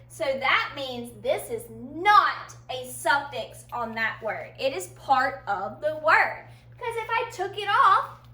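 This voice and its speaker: A woman teaching a children's phonics lesson, speaking patiently and slowly to young learners. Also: high voice, bright, forceful tone, echoey room. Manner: slow, patient, sing-song teacher talk to young learners.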